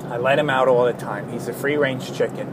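A man's voice: mid-range voice, fairly quick. A tired man rambling casually through a vlog, wandering off on self-mocking tangents. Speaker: vlogger. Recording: steady traffic noise behind.

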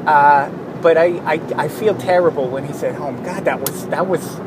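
A man's voice: a little high, normal speed. Tired rambling man, traffic noise. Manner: tired, rambling, self-mocking, tangents. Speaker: vlogger. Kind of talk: casual rambling vlog. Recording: steady traffic noise behind.

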